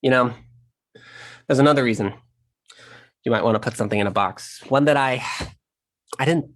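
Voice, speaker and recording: A man's voice: mid-range voice, moderate pace, close to an everyday voice. A man in a one-man stage monologue streamed online, playing a sassy, vain, profane trapped insect who talks straight to the audience. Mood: wistful. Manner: sassy, brash, addresses the audience directly.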